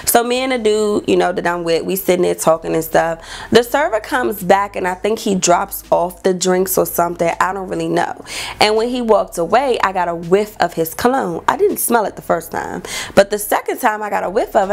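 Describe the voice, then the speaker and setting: A young woman, telling a dating story vlog and acting out quotes in a high voice. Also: moderate pace, gravelly. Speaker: vlogger.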